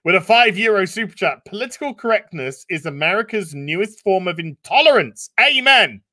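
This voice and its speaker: A man's voice: high-pitched, animated, brisk, pushed and bright. A man co-hosting a live stream, reading super chats aloud in a casual, profane, laughing way.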